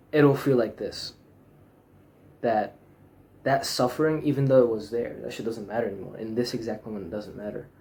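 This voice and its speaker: A man's voice: mid-range voice, warm tone, a little hiss or hum. A young man talking frankly in a rambling personal monologue, full of fillers, restarts and swearing. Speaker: vlogger.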